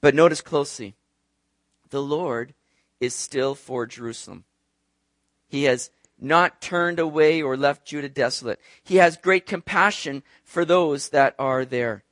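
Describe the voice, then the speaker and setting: Male pastor, high voice, animated conversational sermon delivery, dry close sound. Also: unhurried, dry recording. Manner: animated, conversational preaching with rhetorical asides.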